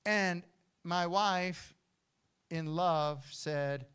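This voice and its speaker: An older man preaching a sermon as pastor in a church, swinging from hushed storytelling to loud declarations. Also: on the high side, unhurried, clear, resonant tone. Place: church hall.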